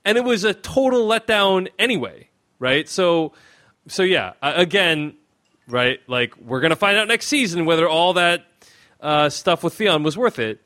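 A male podcast host talks loosely with his co-hosts, his pitch sitting a little high and swinging widely as he goes. He rambles, circles back and restarts his thoughts, with many filler words along the way. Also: expressive, moderate pace, pushed and bright. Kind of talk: casual chat.

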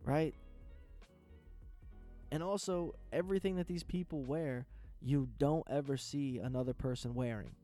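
A man's voice: medium pitch, measured pace, long pauses, dark tone, soft background music. A man hosting a podcast, ranting casually about news headlines in a profane, sarcastic, rambling way. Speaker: podcast host.

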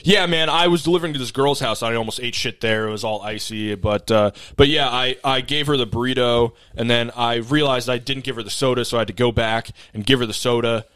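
A man doing a jittery fast-talking delivery driver. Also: mid-range voice, fairly bright tone, smooth, no room sound, natural voice. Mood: rambling. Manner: rapid rambling chatter.

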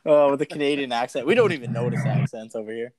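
A man's voice: medium pitch, fast talker, darkish tone, dry recording. A man hosting a casual podcast, chatty and laughing easily. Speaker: podcast host.

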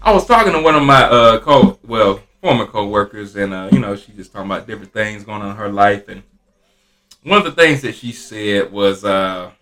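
A man with an Atlanta accent, a postal supervisor, telling a story in casual chat and acting out the people in it. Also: a little fast. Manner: animated, acts out quotes with big pitch jumps. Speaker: postal supervisor, guest co-host.

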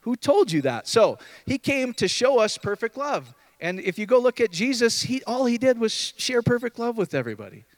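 Animated man preaching a casual sermon. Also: a little fast, hardly any pauses, no echo. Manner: animated, jumps between loud high outbursts and low murmurs; conversational, asks the room questions. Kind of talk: informal sermon to a group.

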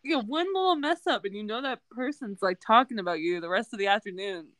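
A woman's voice: medium pitch, quick pace, a bit bright, no room sound. Frank young woman, dry close sound. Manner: frank, swears casually. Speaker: podcast co-host. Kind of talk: casual chat.

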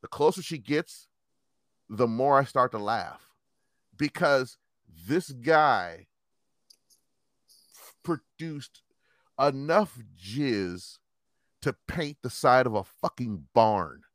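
A man telling a long story in casual chat, animated and profane, acting out the quotes. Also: medium pitch, no room sound, studio quality.

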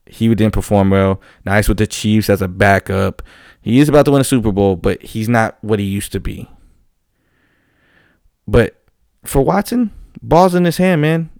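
A man talking in a casual monologue as a football fan commentator, animated and profane, rambling with frequent restarts. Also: on the low side, no room sound, studio quality.

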